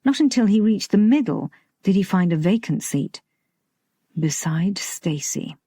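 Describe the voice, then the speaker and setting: A woman narrating a romantic comedy audiobook in a measured, lightly expressive way. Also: medium pitch, breathy edge, dry recording, clean studio sound. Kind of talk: scripted narration.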